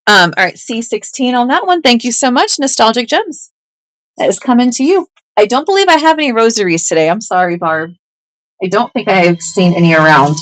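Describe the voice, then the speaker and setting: A woman's voice: a little high, lively intonation, brisk, no room sound, rough recording. Woman, live auction seller, casual upbeat patter, playful asides, dry close sound.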